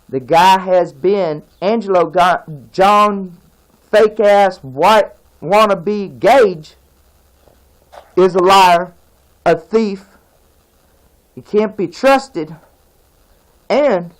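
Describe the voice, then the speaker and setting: A man's voice: on the high side, poor audio. A man from California in a casual video rant, rambling, accusing and repeating himself.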